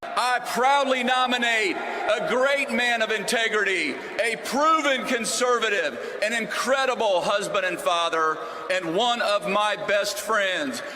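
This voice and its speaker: A man proudly nominating a candidate, shouting his speech at a convention. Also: sits high, a little slow, in a large hall. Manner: proud, shouting over a crowd. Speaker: nominating speaker. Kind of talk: rally speech. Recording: arena with loud crowd and noise.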